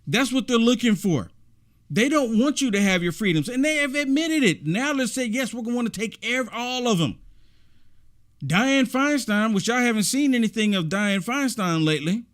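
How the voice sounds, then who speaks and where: A man's voice: extremely high pitch, expressive, normal speed, fairly bright tone. A man giving emphatic, repetitive reaction commentary on a video clip.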